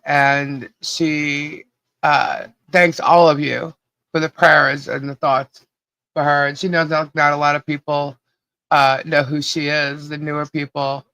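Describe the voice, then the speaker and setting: A podcast co-host with a hoarse voice, cheerfully greeting viewers one by one on a live stream. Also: medium pitch, fairly bright tone, no room sound. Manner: giddy, laughing, greets viewers by name.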